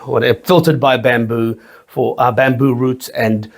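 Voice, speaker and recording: A man's voice: medium pitch, steady tone, normal speed, gravelly. Guy hosting his whisky channel, swears a lot, crude jokes, chatty and rambly. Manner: profane, joking, rambling, says "okay?" often. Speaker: whisky reviewer, channel host. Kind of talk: casual crude review chat.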